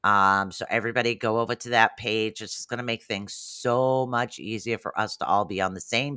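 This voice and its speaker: A man's voice: fairly low pitch, fairly even intonation, a little fast, hardly any pauses, bright, forceful tone, smooth, dry recording. A man hosting a casual livestream chat, talking in a rambling, chatty way and drifting off topic. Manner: rambling, chatty, easily sidetracked. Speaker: show host.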